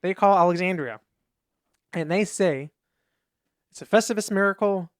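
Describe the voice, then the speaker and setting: A podcast co-host with a high voice chats casually at a normal speed, rambling through anecdotes and acting out what people said in raised voices. The sound is studio quality, with no room sound.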